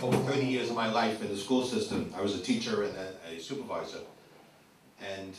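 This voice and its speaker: Chatty retired teacher in an echoey hall. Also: male voice, on the low side, slight background noise. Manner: chatty, tells anecdotes. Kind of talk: casual remarks from the floor. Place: community hall. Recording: echoey hall, mic from far off.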